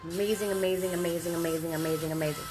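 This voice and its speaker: A woman's voice: lowish voice, steady tone, racing, music in the background, poor audio. A woman leading a live painting class, chatty and encouraging, greeting viewers as she goes. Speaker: paint party instructor. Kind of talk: live online painting lesson.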